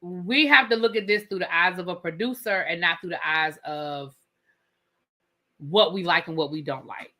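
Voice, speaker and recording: A woman's voice: fairly low pitch, moderate pace, sharp tone. A woman hosting a live rant-and-review of a reality show, talking emphatically, repeating her points and swearing freely.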